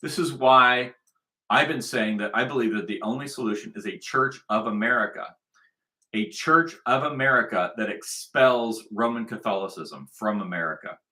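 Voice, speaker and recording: A man's voice: mid-range voice, normal speed, pushed and bright. A man delivering a combative, repetitive commentary monologue, hammering his points with emphasis. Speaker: online commentator.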